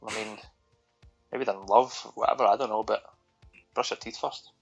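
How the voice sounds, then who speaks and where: A man's voice: on the low side, steady tone, normal speed, creaky, slightly rough, soft background music, rough recording. A Scottish man co-hosting a podcast, recapping a film in a sweary, sardonic, rambling way. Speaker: podcast co-host. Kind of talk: casual film-review chat.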